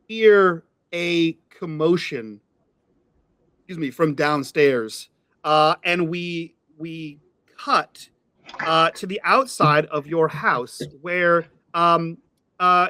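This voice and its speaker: A man runs a tabletop game, laying out each scene in a bright, forceful voice pitched a little high. His narration comes through close and dry, with a steady stream of fillers. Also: dry recording. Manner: descriptive, hedging with fillers. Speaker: game master.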